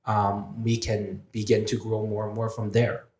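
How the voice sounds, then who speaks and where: A man with a lowish voice speaks candidly and reflectively, swearing freely as he tells a personal story. He acts out the voices in his own head. The sound has a roomy echo. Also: completely flat delivery, measured pace, darkish tone. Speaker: podcast guest.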